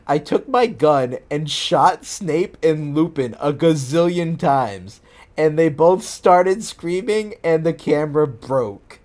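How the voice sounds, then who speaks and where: A male streamer reads fan fiction aloud at an unhurried pace and keeps stopping to mock it. His somewhat high voice swings widely in pitch as his disbelief builds. He often breaks into laughter. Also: sing-song, a little mellow. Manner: incredulous, mocking, breaks into laughter.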